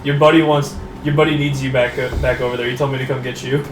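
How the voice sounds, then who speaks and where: A man's voice: mid-range voice, flat delivery, fast talker, music in the background. A man playing a tabletop game, talking in a hesitant, rambling way full of fillers. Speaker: player. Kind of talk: casual chat at a gaming table. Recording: echoey room, far from the mic, noisy.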